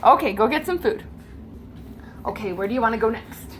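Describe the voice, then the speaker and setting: A woman runs a tabletop adventure for a child, narrating with animated, gently coaxing warmth. Her voice sits a touch higher than most women's, with a faint hum of ambience behind it. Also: fairly quick. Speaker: game master.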